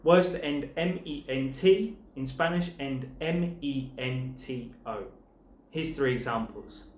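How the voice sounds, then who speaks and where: A man teaching a language lesson, spelling out word endings letter by letter and pairing each word with its translation in a clear, measured way. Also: medium pitch, echoey room, a little hiss or hum. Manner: clear, slow spelling-out of letters and paired words. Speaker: Spanish teacher.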